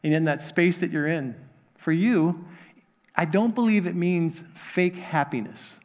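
Male pastor, high voice, earnest sermon delivery, hammers points home by repeating them. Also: unhurried, in a large hall. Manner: earnest, repeats phrases for emphasis.

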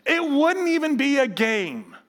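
A man in his thirties or forties, a pastor preaching a sermon, telling stories with animation and reading scripture slowly. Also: very high voice, in a large hall. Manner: animated storytelling, acting out others' voices; reads scripture slowly and gravely.

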